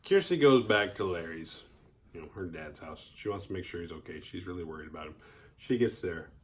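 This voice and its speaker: Male host recapping a horror movie, loose and profane, jumps into silly character voices. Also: a little fast. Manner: animated, profane, acts out characters' lines in high voices. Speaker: horror film reviewer. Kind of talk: casual film recap.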